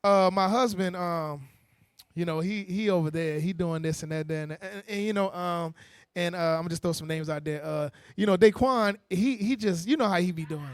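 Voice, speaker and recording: A man preaching a sermon in a lively, conversational way, using with slang, quick restarts and playful mocking asides. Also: high-pitched, smooth, dry recording. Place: church meeting hall.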